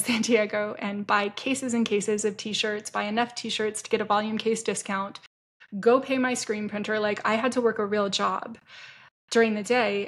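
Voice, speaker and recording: A middle-aged woman telling a candid personal story to camera as an entrepreneur, frank and chatty. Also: a little high. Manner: frank, chatty, self-deprecating with bursts of laughter.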